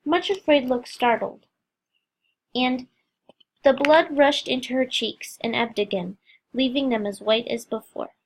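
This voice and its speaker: Woman narrator, expressive storybook reading, voice on the high side. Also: unhurried. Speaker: reader. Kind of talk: reading a Christian allegory aloud.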